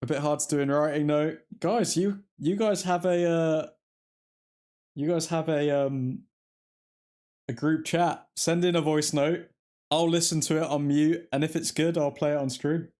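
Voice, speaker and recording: A man's voice: fairly high pitch, steady tone, unhurried, a little mellow. A man hosting a live football watchalong, reacting to the play as it happens and chatting with his viewers. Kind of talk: live match commentary and fan chat.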